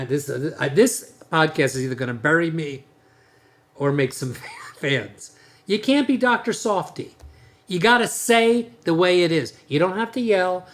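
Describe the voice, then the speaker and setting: Male dentist host: blunt, emphatic delivery with a slightly raised pitch and a lively, swinging intonation. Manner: blunt, emphatic, rambling with restarts. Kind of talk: podcast monologue on leadership.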